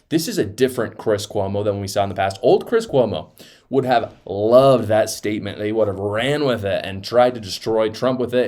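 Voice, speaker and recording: A man's voice: mid-range voice, darkish tone. A young man giving heated, scornful political commentary, emphatic and fired up.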